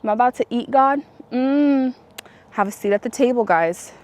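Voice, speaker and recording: A woman's voice: fairly high pitch, moderate pace, a little mellow. Chatty young woman vlogging. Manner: chatty and rambling, full of likes and self-corrections. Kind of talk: casual chat to camera.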